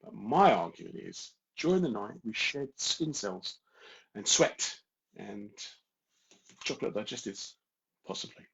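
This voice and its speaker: A man's voice: on the low side, sing-song, measured pace, vocal fry, long pauses, fairly bright tone, highs cut off, slight background noise. A man with a London accent hosting a casual live stream from home, joking and greeting viewers by name. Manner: straight-talking, jokey, addresses viewers by name.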